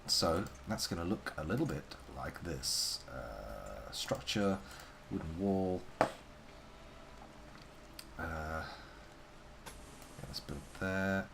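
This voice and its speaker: A man streams a game live and talks through it at his desk mic. His fairly low voice moves a lot in pitch as he makes playful, wordy, theatrical asides to his chat, over a faint hiss of background noise. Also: lively intonation, slow pace, vocal fry, long pauses. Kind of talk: live gameplay commentary.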